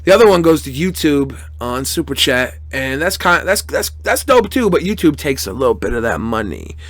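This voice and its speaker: A man's voice: medium pitch, sing-song, normal speed, fairly bright tone, dry recording. A young man live-streaming, thanking donors in crude, profane, mock-angry banter with his chat. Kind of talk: casual live-stream chat reading donations.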